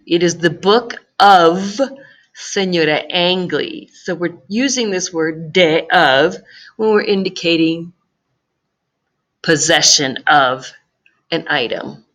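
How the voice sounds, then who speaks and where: Slow, low-voiced woman teaching grammar. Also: a bit bright. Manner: slow, patient explaining with careful repetition. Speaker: Spanish teacher. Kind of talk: recorded grammar lesson.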